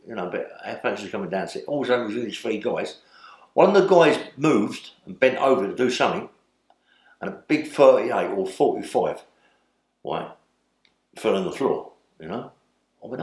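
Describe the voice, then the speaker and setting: An older man with an expressive mid-range voice tells rambling stories at a moderate pace during a sit-down interview. The room echoes, and he keeps tacking "yeah?" onto his lines.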